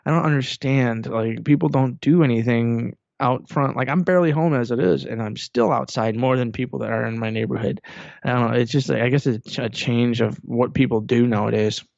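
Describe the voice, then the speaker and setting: A man's voice: medium pitch, brisk, gravelly, darkish tone, dry recording, dull audio. A man co-hosting a podcast, chatting casually and telling rambling stories with lots of fillers. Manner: rambling, laid-back storytelling with many "like" fillers. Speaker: podcast co-host. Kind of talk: casual chat.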